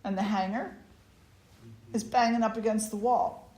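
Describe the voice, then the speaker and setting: A woman's voice: on the high side, steady tone, moderate pace, darkish tone. A woman spiritual teacher telling a personal story at a gathering, in a conversational way with many restarts and asides. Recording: echoey room.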